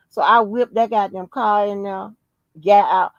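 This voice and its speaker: Poor audio from a dry recording carries the mid-range voice of a woman hosting a podcast, who speaks at a measured pace. She's an animated storyteller in a casual chat, profane and emphatic throughout.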